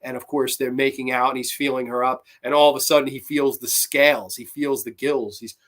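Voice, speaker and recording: A man with a bright, forward voice recaps a horror movie in loose, rambling chat. He swears freely and piles on fillers as he goes. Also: mid-range voice, fairly even intonation, a little fast. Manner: profane, rambling, enthusiastic retelling. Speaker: podcast host. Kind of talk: casual movie review chat.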